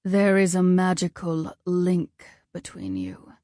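A woman voicing a stern, commanding male war god who speaks slowly and ominously, at times in a hush. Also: fairly low pitch, sing-song, dry recording, clean studio sound. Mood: measured, ominous.

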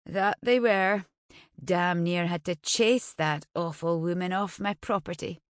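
A woman's voice: fairly low pitch, unhurried, dry recording, studio quality, lightly acted. A woman voicing a stubborn elderly widow who refuses to leave her home, speaking in a weary, defiant way.

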